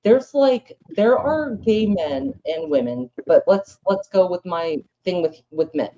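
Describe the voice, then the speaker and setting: Blunt low-voiced woman on a panel. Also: expressive, unhurried, warm tone, dull audio, a little hiss or hum. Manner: blunt, swearing, rambling storyteller. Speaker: panel speaker. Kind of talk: casual panel chat. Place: live panel room with audience.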